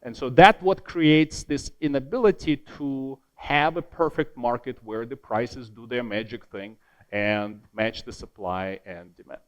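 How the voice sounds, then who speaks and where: Animated man giving an academic keynote. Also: medium pitch, measured pace. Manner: lively, self-deprecating asides, emphatic repetition. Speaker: keynote speaker.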